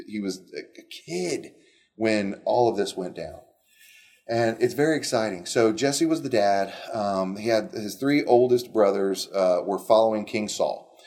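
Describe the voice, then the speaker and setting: A middle-aged man retelling Bible stories in an animated, conversational way, with frequent restarts. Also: on the low side, a little slow. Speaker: Bible teacher. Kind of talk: casual Bible storytelling.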